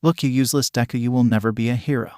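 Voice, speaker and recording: A man's voice: medium pitch, fairly even intonation, very fast, a little mellow, no room sound, close to an everyday voice. Guy doing a sneering bully teen, nasty and rude, dry mic. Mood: hostile. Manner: sneering, insulting. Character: hostile bullying teenage boy.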